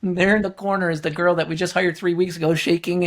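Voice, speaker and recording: A man's voice: high voice, flat delivery, fast talker, few pauses. A middle-aged man, a guest coach on a business podcast, telling stories animatedly and acting out the people he quotes in a raised voice. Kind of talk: storytelling in a podcast interview.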